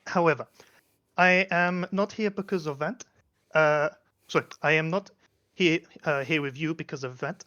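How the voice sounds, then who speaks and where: A man's voice: a little high, fairly even intonation, moderate pace, pushed and bright. A man voicing a prim woman with a faint French touch, talking stiffly and hesitantly in a tabletop game. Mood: formal. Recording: lo-fi mic.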